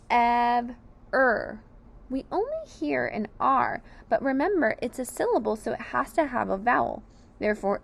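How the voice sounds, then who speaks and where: A woman teacher slowly sounding out sight words, syllable by syllable, for young children. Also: a little high. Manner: clear, deliberate sounding out of each letter. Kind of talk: slow phonics lesson.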